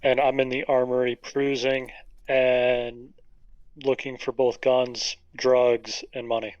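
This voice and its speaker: A man playing a tabletop game, talking quickly and stammering a little in character. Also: mid-range voice, little pitch movement, a little mellow, dry recording. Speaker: player. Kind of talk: casual tabletop play. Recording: dull lo-fi mic.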